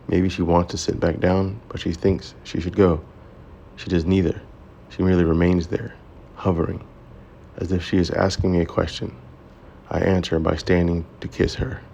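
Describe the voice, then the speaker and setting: Deep gravelly guy reading a story, steady and even. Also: normal speed, lo-fi sound, a little hiss or hum. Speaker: narrator. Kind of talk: scripted audiobook narration.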